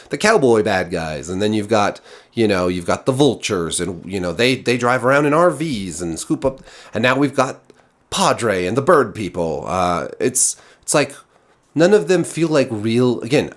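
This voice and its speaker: Man, TV reviewer, low voice, exasperated, rambling, casual spoken review. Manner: exasperated, rambling, frequent restarts. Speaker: TV show reviewer.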